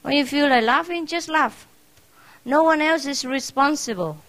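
A woman's voice: sits high, normal speed, fairly bright tone, poor audio. A woman spiritual teacher giving an informal farewell talk to her followers, speaking simple English that is not her first language and laughing often in an affectionate, teasing way. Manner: simple, non-native English phrasing.

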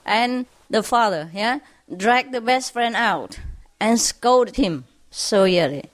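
Woman storyteller, unhurried joke-telling, slightly high voice, chuckles a lot. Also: lively intonation. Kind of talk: telling jokes to an audience.

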